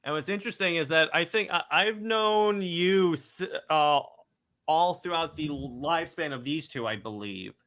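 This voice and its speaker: A man hosts a casual podcast with a bright, fairly high voice. He talks briskly and teases, often stumbling and restarting words. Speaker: host.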